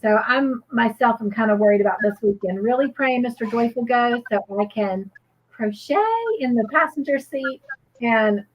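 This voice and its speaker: A woman's voice: a little high, moderate pace, low-quality recording. A woman co-hosting a live crochet show, chatting casually and reading viewers' comments aloud with gushing reactions.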